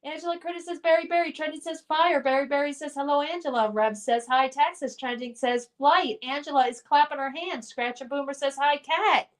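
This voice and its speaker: A woman's voice: high-pitched, fairly quick, hardly any pauses. A middle-aged woman hosting a livestream from home, reading viewers' chat comments aloud and running a guessing game. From Colorado. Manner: reads out chat messages and hosts a guessing game. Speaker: livestream host.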